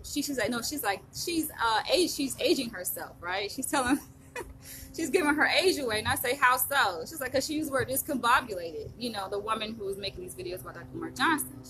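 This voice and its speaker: A woman in her thirties from the United States, talking to camera in a rambling, animated vlog monologue with frequent laughs. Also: medium pitch, background noise. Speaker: vlogger.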